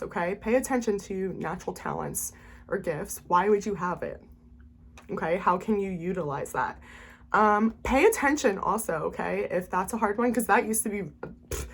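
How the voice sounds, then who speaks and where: A woman gives spiritual advice in a loose, heartfelt way and checks in with "okay?" after nearly every sentence. Her voice sits at an ordinary middle pitch. She fills pauses with "um" and soft little laughs. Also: creaky, husky. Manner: earnest, keeps adding "okay?" after each point; frequent "um" and short laughs. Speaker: spiritual life coach and tarot reader. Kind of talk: casual talk to camera.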